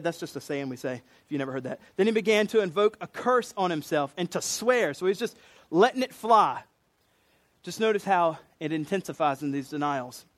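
A man with a Southern US accent preaching a sermon in a conversational way, acting out quotes in different voices. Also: high-pitched.

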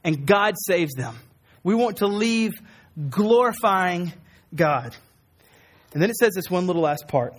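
A man's voice: high-pitched, expressive, a little slow, pauses often. A man in his thirties preaching an earnest sermon in a church, acting out quoted lines and building up emphasis. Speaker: pastor.

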